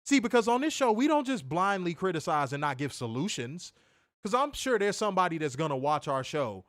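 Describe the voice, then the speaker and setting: Fiery, profane man ranting, high and animated. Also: fairly quick, dry recording, clean studio sound. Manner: profane, fiery, repetitive rhetorical questions. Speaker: wrestling podcast co-host. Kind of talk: heated ranting commentary.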